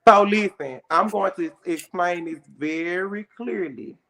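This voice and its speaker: A young adult woman, a guest on a casual chat show, telling a story in an animated way with plenty of slang. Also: fairly low pitch, a little slow, gravelly.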